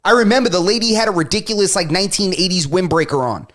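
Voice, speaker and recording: A man's voice: high-pitched, fast talker, fairly bright tone. A man co-hosting a casual podcast, telling a long story and acting out both sides of the argument. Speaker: podcast co-host. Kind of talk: casual chat.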